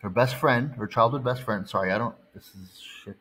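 A man's voice: medium pitch, normal speed, a bit bright, a little hiss or hum, low-quality recording. A man, a fitness coach, telling a long, heated, profane story and checking in with "okay" and "right.". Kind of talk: ranting storytime vlog.

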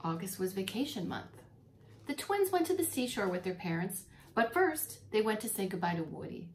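A preschool teacher, a woman, reading a story aloud to young children, expressive and talking to them directly. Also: mid-range voice, moderate pace, a little hiss or hum. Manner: animated and expressive, talks to children.

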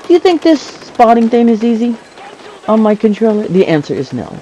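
A man's voice: high-pitched, very animated, normal speed, mellow, slight background noise, poor audio. A man giving casual, jokey commentary over his own gameplay, chuckling often and talking back to the game. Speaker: gamer narrating his play.

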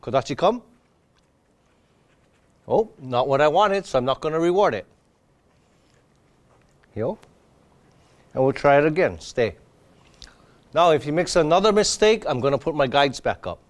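A man demonstrating dog obedience training, calmly explaining each step and breaking into high, happy praise for the dog. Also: a little slow, pauses often. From Hawaii. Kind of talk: outdoor demonstration lesson.

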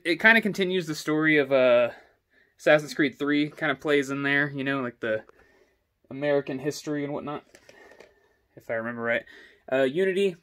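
A man's voice: on the high side, fairly bright tone. A young man giving a casual, rambling walkthrough of his game collection at home, filmed on a selfie stick, full of ums and uhs. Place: indoor home with stairs. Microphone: selfie stick camera.

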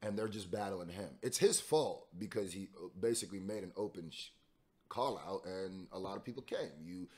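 A man hosting a reaction video, commenting casually and jumping into loud, laughing bursts. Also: medium pitch, normal speed. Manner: animated, jumps to loud bursts, laughs and mimics.

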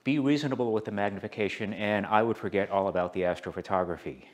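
A man's voice: fairly low pitch, quick pace, no echo. A man giving a hands-on telescope review, practical and matter-of-fact, with dry joking asides. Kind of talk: product review walkthrough.

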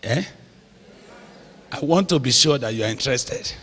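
A man preaching a sermon, slow and emphatic, drawing out phrases and checking in with the audience. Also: medium pitch, expressive, fairly bright tone, breathy edge. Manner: slow, emphatic, drawn-out phrases with call-and-response questions. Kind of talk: sermon teaching. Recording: long hall reverb.

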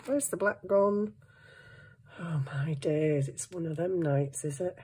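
A woman's voice: fairly low pitch, fairly even intonation, slow, mellow, a little hiss or hum. A middle-aged woman, rambling and joking at herself while she does crafts at her desk at home. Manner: rambling, self-mocking, talks to herself while working. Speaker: craft vlogger. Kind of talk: chatty crafting vlog.

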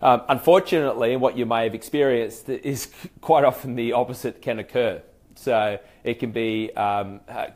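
An Australian man with a voice of ordinary middle pitch coaches listeners on how to open a sales call. He keeps it informal and unpolished, with frequent ums, restarts and little acted-out phone greetings. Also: steady tone, moderate pace, a little mellow. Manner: chatty, loose and hesitant, many fillers and restarts; acts out sample phone greetings. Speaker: sales trainer. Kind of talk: conversational training talk.

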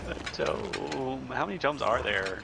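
A just-woken man with a husky, groggy voice, chatting loosely over a headset while he games. His pitch swings up and down and stays lively. Loud noise fills the background of the recording. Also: measured pace. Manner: loose, profane, rambling, with filler words. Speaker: gamer in voice chat. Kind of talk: casual gaming chat.

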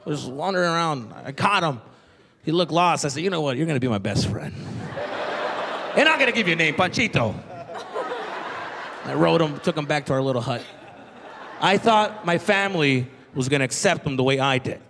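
A man doing a stand-up comedy set on a theater stage, telling stories with lively voices for his relatives and teachers. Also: on the high side, a little fast, vocal fry. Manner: animated storytelling, acting out relatives and teachers. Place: theater stage before a live audience. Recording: live theater audience and noise.

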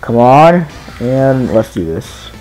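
A young man narrates his kart race for a live audience in an easy, self-deprecating way. His voice is soft-edged and mellow, his pitch sits in an ordinary middle range, and faint game music plays underneath. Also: very animated, slow pace. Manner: chatty, self-deprecating, talking to viewers while playing. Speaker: streamer. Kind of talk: casual gameplay commentary.

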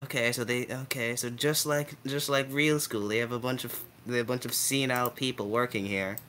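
A man's voice: mid-range voice, fairly even intonation, sharp tone, a little hiss or hum. A young man playing his character in a tabletop game, sarcastic and joking. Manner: joking, sarcastic, quick wisecracks.

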